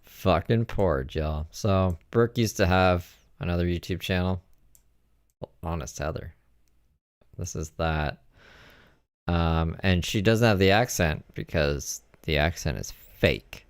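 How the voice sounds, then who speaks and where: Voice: low-pitched, slow pace, pauses often, clean tone, no room sound. A commentator making wry, sarcastic asides while reacting to video clips.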